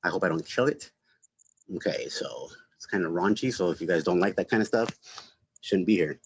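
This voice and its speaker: Man with a low voice doing an open-mic stand-up set from home, loose and rambling, dry lo-fi stream audio. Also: animated, a little fast, slightly rough, no room sound. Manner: rambling, many fillers and self-interrupting laughs. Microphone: home livestream mic.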